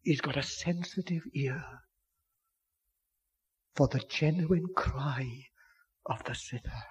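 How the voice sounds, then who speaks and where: Male preacher, husky and slow, earnest and pleading, moves between loud declarations and near-whispers. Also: medium pitch. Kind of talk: sermon.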